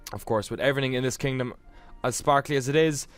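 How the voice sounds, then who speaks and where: A man's voice: medium pitch, fast talker, clean tone, soft background music. A man reading a game aloud and joking, often laughing, as casual gameplay commentary. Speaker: let's player.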